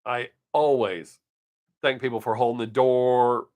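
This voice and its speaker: A man's voice: medium pitch, steady tone, measured pace, darkish tone. A middle-aged man hosting his live stream, telling everyday stories in a casual, blunt way with swearing and frequent chuckles. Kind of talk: casual storytelling chat.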